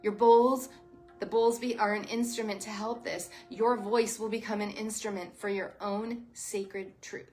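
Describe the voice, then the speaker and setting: A woman who teaches sound healing and yoga, giving a soft, heartfelt livestream talk to her viewers. She sounds close to tears. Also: mid-range voice, steady tone, unhurried, faint music behind. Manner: soft, emotional, heartfelt, addresses viewers as "you guys". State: near tears.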